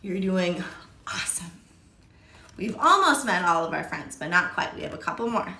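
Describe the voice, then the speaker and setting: A woman's voice: lowish voice, big pitch swings, moderate pace, vocal fry, sharp tone. A woman leading a children's yoga class, upbeat and encouraging, calling the kids her friends. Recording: very echoey room, voice from far off.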